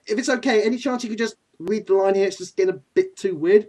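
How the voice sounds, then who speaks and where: A man's voice: high-pitched, fast, hardly any pauses, darkish tone. A man hosting a casual comedic chat, chatty and giggly, often apologetic. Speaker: host.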